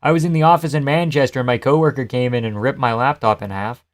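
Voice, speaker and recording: A man hosts a live fight stream, reacting to chat in a loose, joking way and swearing freely. His pitch sits in the middle range, and his delivery is casual and unscripted. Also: steady tone, fast. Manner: loose, joking, profane, laughs often.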